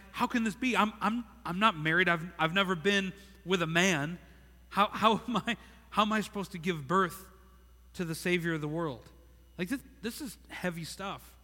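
A man's voice: sits high, sharp tone. A man in his thirties preaching a sermon, earnest and repeating words, acting out the thoughts of the figures he reads about. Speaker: pastor. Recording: long hall reverb.

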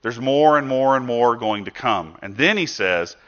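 A man preaches a sermon in a bright, forceful voice. He talks to his listeners in a conversational way, asks them rhetorical questions and acts out quoted speech with sudden bursts of loudness. The recording sounds dull and lo-fi. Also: mid-range voice, animated, moderate pace. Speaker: pastor.

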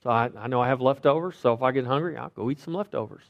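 A man's voice: medium pitch, very fast, creaky, muffled recording. A middle-aged man preaching a sermon as pastor, talking conversationally and asking the congregation rhetorical questions.

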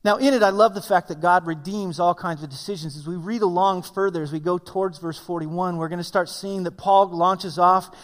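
Brief: high-pitched male pastor, conversational animated sermon, echoing church hall. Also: a little fast, few pauses. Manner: conversational preaching, animated storytelling. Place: church sanctuary. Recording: long hall reverb.

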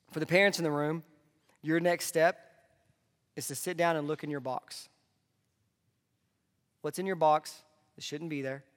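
A man delivering a conversational sermon as a pastor, dropping into soft asides. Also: a little high. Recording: long hall reverb.

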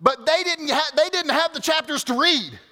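High bright-voiced preacher in a hall. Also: male voice, normal speed. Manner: animated, conversational preaching with asides to the congregation. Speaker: pastor. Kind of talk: sermon.

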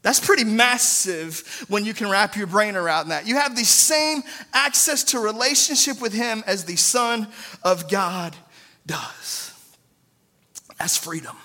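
A man's voice: high-pitched, animated, normal speed, hardly any pauses, sharp tone. A man in his thirties preaching a sermon in an earnest, conversational way, often adding "right?" asides. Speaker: pastor.

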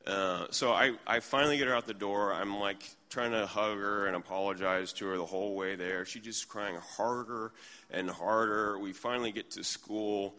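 Guy in his 30s preaching, low bright voice, big hall echo, candid about himself. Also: steady tone, moderate pace. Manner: candid, self-deprecating storytelling. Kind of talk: sermon storytelling.

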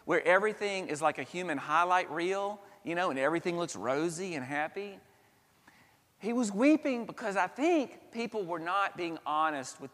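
A man preaches from the pulpit in a slightly high voice, earnest and building with dramatic pauses and swells. His words ring out with the long reverb of a church sanctuary. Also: fairly bright tone. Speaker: pastor. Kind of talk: sermon.

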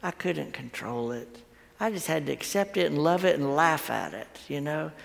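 Gravelly preacher in echoing hall. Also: male voice, fairly high pitch, animated, moderate pace. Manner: storytelling, folksy, repeats words while thinking aloud. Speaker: pastor. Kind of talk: conversational sermon. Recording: long hall reverb.

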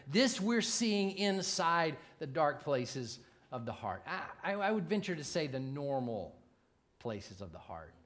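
A man preaching a sermon in a relaxed, conversational way, with jokes and frequent asides to the congregation. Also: a little high. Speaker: pastor.

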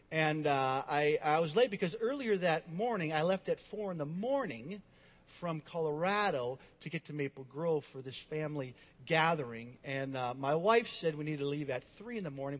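A male pastor preaching a sermon, telling a personal story and swinging between loud emphasis and quiet, drawn-out asides. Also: on the high side, long reverb tail.

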